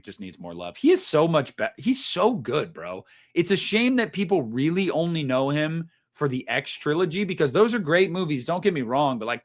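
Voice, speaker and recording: A man's voice: medium pitch, a bit bright. Laid-back man hosting a live stream. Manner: chatty, laid-back, lots of fillers and slang. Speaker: livestream host reading super chats. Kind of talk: casual live stream chat.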